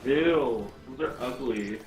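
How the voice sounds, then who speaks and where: A man's voice: mid-range voice, takes it slowly, music in the background. A man in casual gaming chat, playful and laughing, swearing freely. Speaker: let's play co-host. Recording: echoey room.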